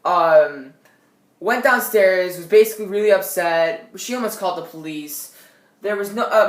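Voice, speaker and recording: A young woman vlogging on a tablet at home, telling a scary story in an animated way, with loud outbursts and quiet asides. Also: mid-range voice, normal speed, reverberant. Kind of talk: casual storytelling vlog. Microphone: tablet built-in mic.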